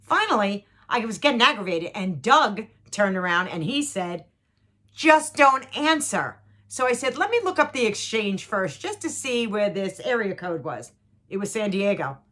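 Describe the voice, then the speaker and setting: A woman's voice: mid-range voice, big pitch swings, moderate pace, sharp tone. A middle-aged mother telling a story in a casual chat. She is emphatic, repeats herself, and speaks straight to the listeners.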